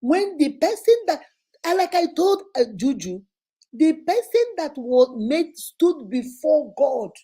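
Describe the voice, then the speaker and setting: Woman, advice show host, animated and preachy, mellow voice. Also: high voice, takes it slowly. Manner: animated, preachy, scolding rhetorical questions. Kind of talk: casual advice commentary.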